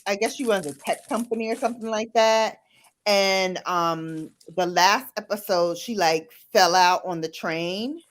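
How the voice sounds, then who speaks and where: A woman hosting a casual chat while doing her makeup, talking about a TV show in a chatty, animated way. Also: mid-range voice. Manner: chatty, animated, recounting shows. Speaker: host.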